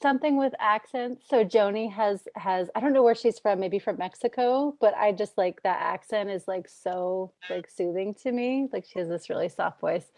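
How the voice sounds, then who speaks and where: A woman's voice: medium pitch, moderate pace, few pauses, darkish tone, dry recording, clean studio sound. A woman joining a workshop call, giggly and a little bashful as she chats with enthusiasm. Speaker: workshop participant. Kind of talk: casual chat.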